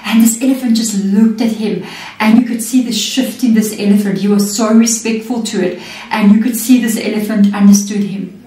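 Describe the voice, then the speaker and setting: A tarot reader gives a chatty, casual spiritual reading in a dark-toned, medium-pitched voice, fairly even in intonation and moderate in pace. She often checks in with "okay" and "you know what I mean," and the room is echoey with the mic at a distance.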